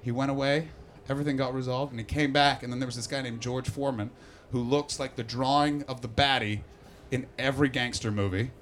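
A man performing a stand-up comedy set on stage before a live audience, profane and animated, teasing the crowd. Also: medium pitch, brisk, few pauses, slight background noise.

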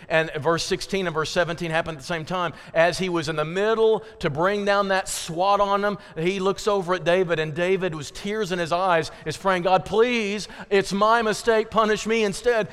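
A man preaching a sermon as pastor, reading scripture dramatically, swinging between loud pleading and hushed emphasis. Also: high voice, clear, resonant tone, in a large hall.

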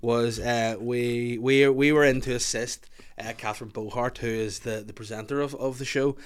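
A man's voice: medium pitch, fairly even intonation, moderate pace, clear, resonant tone. Guy on a comedy podcast, jokey rambling chat, laughs a lot. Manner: joking, laughs often, playful rambling. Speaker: podcast host.

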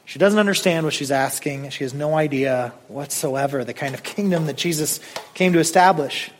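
A man's voice: a little high, moderate pace, slight background noise. A man preaching a sermon in a conversational, emphatic way, often saying "like" and speaking straight to his listeners. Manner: addresses listeners directly. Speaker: pastor.

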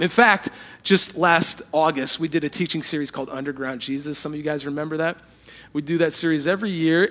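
A man preaching a sermon as a pastor, telling funny stories about himself and swinging between hushed, earnest moments and loud, animated ones. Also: on the high side. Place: church.

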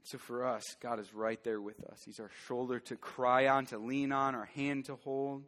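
A man's voice: medium pitch, little pitch movement, moderate pace, fairly bright tone. A man preaching a sermon as pastor, earnest and building to fervent emphasis. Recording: long church hall reverb.

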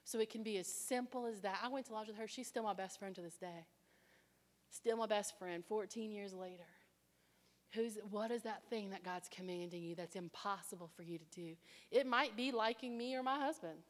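A woman preaching a sermon, telling her own story with animated delivery and acting out other people's voices. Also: mid-range voice, moderate pace. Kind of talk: sermon with personal testimony. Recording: long reverb of a large hall.

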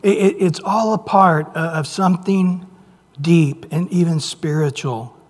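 Male pastor preaching, kinda high voice, goes quiet then loud, long hall echo. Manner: swings between near-whispered softness and loud emphasis; reads scripture aloud with slow, drawn-out phrases. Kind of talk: sermon. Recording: long reverb of a large hall.

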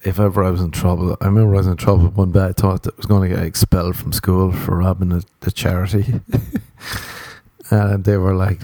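Here a male comedian wanders through an anecdote in loose conversation, profanity flowing and his own laughter breaking in. The pace is fairly quick, and his warm, relaxed voice sits a bit low. It's a close, dry recording without any room sound.

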